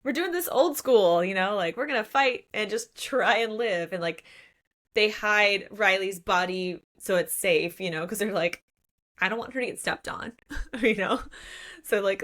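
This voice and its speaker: A woman's voice: medium pitch, unhurried, fairly bright tone. A woman co-hosting a book podcast, retelling a plot in casual chat and acting out the characters' lines. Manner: frequent "like" fillers. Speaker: podcast co-host.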